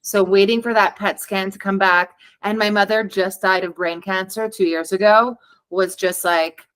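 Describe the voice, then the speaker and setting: Woman, podcast guest, candid chatty storytelling, medium pitch, animated quoting of others. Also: moderate pace, clear, resonant tone, rough recording. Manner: animated, acting out quoted dialogue. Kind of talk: conversational storytelling.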